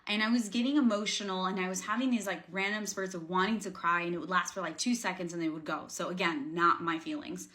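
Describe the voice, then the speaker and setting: A woman's voice: fairly low pitch, fairly even intonation, fast, hardly any pauses, pushed and bright. A woman coaching viewers in a casual, rambling vlog, speaking earnestly with lots of fillers and restarts. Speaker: spiritual coach. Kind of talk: casual talking-to-camera vlog.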